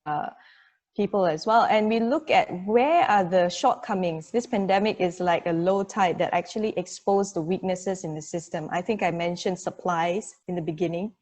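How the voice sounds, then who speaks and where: A woman executive talks on a video call. Her voice sits a little low, and her speech is confident and measured. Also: darkish tone. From Malaysia. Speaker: healthcare company executive. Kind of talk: webinar panel discussion.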